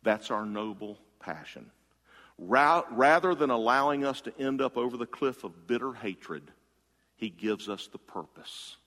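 A man preaching a sermon in a conversational style, swinging between loud emphatic bursts and hushed low asides to the congregation. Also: expressive, unhurried, long reverb tail. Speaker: pastor.

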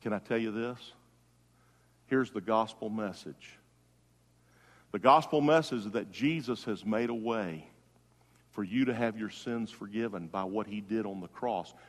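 A man's voice: fairly low pitch, measured pace, long pauses. Preaching man in a reverberant hall. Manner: preaching, swinging from loud emphatic calls to hushed soft tones. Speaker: pastor. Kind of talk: funeral sermon.

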